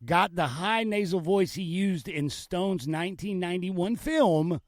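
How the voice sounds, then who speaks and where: A man's voice: high voice, a little slow, no room sound, studio quality. A man hosting a podcast, casual and joking as he introduces audio clips. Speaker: podcast host. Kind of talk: casual chat.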